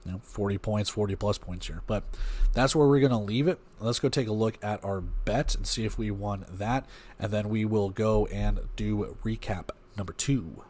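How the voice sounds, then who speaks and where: A man's voice: lowish voice, moderate pace, darkish tone. A man hosting a casual sports recap, reading game stats and play-by-play in a rambling, conversational way. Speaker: podcast host.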